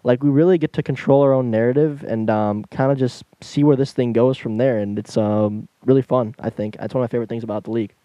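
A young man co-hosts a relaxed podcast, speaking quickly and eagerly, tripping over a word now and then. His voice is warm and mellow, recorded dry and close with no room sound. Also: medium pitch, no echo, lo-fi sound. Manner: fast-talking, enthusiastic, stumbles when slowing down. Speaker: podcast co-host. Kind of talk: casual podcast chat.

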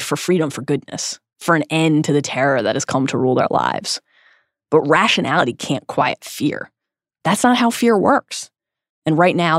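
A woman co-hosting a podcast, reading a scripted essay earnestly and dramatically, with slow, emphatic stresses. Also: deep voice, no echo, clean studio sound. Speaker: podcast co-host.

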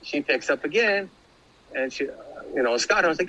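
A man's voice: lively intonation, a little fast, bright, forceful tone, rough recording. A man in his thirties casually telling a personal story, rambling and swearing, with many fillers and restarts. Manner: acts out quoted voices with big pitch jumps.

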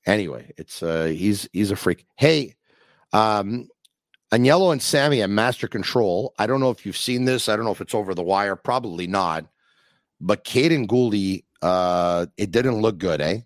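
A middle-aged man with a very low voice hosts a casual sports podcast. He tells stories in a halting way and acts out the back-and-forth. The sound is dry and close. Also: animated, dry recording. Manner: storytelling, acts out quoted dialogue, halting restarts. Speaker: podcast host.

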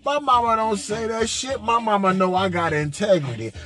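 A man with a rather high voice tells a crude, comic story in a monologue. He is profane and boisterous and drags some words out. Faint music plays behind him. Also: normal speed, a bit bright. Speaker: podcast host.

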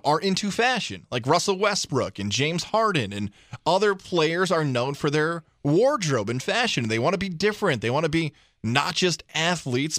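Higher-voiced sports radio host, dry mic. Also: male voice, fairly bright tone, no room sound. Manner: conversational, opinionated, steering the segment. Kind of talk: casual sports talk.

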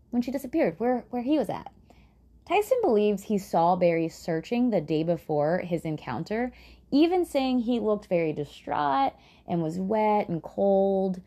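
Woman host for casual true crime storytelling, chatty and sarcastic, swears freely, warm low-key tone that swings up and down a lot.

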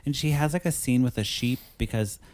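A man's voice: mid-range voice, brisk, darkish tone. Man casually recapping a movie. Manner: rambling, joking, acts out characters' lines. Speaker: podcast host reviewing a film. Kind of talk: casual chat.

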